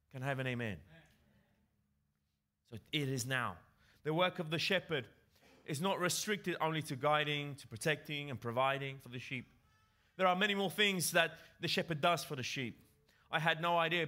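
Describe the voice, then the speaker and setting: A man's voice: fairly high pitch, sharp tone. A man preaching a sermon to his congregation, emphatic and repeating key phrases for effect.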